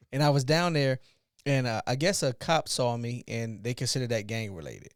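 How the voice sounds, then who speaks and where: A man in his forties, hosting a podcast, telling a personal story in an animated way and acting out the dialogue. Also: mid-range voice, normal speed, clear, resonant tone, dry recording, clean studio sound. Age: 40s. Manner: animated retelling, acts out dialogue. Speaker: podcast host. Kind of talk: casual storytelling chat.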